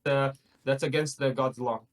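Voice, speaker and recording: A man's voice: medium pitch, fairly even intonation, moderate pace, low-quality recording. A man arguing insistently about religion and morality in a debate, repeating himself and rising into emphatic bursts. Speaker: guest.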